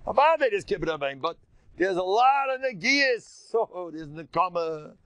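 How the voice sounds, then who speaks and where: Older man, rabbi, Torah lesson, lively pitch, dry close sound. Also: moderate pace, dry recording. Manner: animated storytelling, acts out quotes, mixes in Yiddish and Hebrew. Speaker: rabbi teaching a class.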